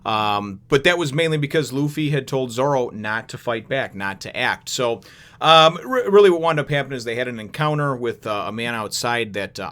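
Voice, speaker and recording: A man hosting a manga chapter review, rambling casually with lots of fillers. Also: a bit bright. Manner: rambling, filler-heavy, acts out characters in high voices. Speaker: host of a manga review show.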